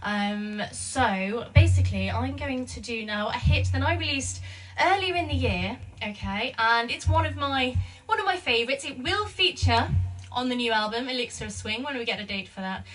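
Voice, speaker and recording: A woman's voice: a little high, animated, moderate pace, fairly bright tone, far from the mic. A woman in her thirties, a singer hosting her own live stream, chatting casually and greeting viewers by name as she reads their comments. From England. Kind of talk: casual chat to online viewers.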